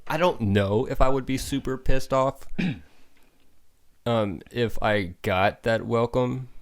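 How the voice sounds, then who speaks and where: Joking male podcast host, lowish voice. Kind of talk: casual podcast chat.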